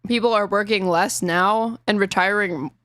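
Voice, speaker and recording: A woman's voice: medium pitch, moderate pace, a bit bright, no echo. A woman streamer giving sarcastic, indignant live commentary on a podcast clip, swearing freely.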